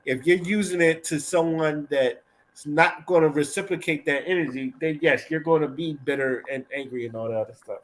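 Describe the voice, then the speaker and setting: A man's voice: a little high, normal speed, poor audio. A man co-hosting a casual podcast, giving blunt, profane opinions in rambling sentences full of restarts. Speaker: podcast co-host.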